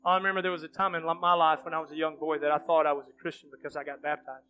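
A man's voice: a little high, flat delivery, racing, bright, forceful tone, faint music behind. A man preaching as pastor, leading an altar call and then praying with earnest, pleading fervor in a church. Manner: earnest, pleading, rising to fervent prayer. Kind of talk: sermon altar call and prayer. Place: church sanctuary.

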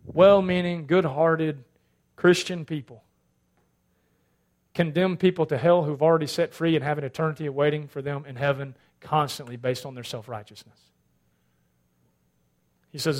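A male pastor preaching a sermon, swinging between loud emphatic lines and hushed asides. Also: on the high side, fairly even intonation, normal speed, pauses often.

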